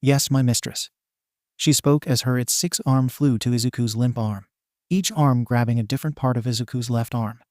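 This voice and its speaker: A man narrates a fan fiction story in a plain, steady reading voice. His pitch sits in the middle range, and the recording is dry and close with no room sound. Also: a little fast, no echo.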